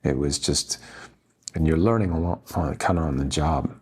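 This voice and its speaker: A man's voice: a bass voice, moderate pace, slightly rough. A man being interviewed as a guest actor, telling earnest, rambling stories full of restarts. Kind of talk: anecdotal interview storytelling.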